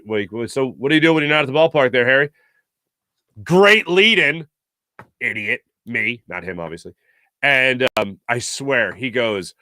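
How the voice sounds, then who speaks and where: A man's voice: mid-range voice, bright, forceful tone, no room sound, clean studio sound. A man hosting a sports talk show, telling stories in a chatty, self-mocking way. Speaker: podcast host. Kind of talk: casual monologue.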